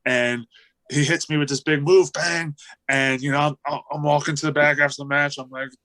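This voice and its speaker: 30s guy, pro wrestler, telling a funny story, voices the quotes, bright tone. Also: on the high side, moderate pace, low-quality recording. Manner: animated storyteller, acts out quotes, laughs often. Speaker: wrestler, interview guest. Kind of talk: casual storytelling interview.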